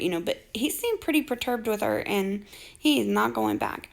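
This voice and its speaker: A high-pitched woman in her forties talks through online drama with sarcasm and a heavy gravelly fry. She sounds exasperated and keeps slipping into mocking impressions of the people she describes. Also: lively intonation, moderate pace. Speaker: social media commentator. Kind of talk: gossip commentary.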